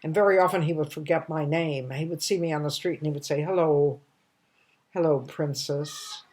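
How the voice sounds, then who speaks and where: A woman in her eighties telling a personal story at home, in a halting way with restarts and soft trailing phrases. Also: sits low, fairly even intonation. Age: 80s. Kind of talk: casual storytelling monologue.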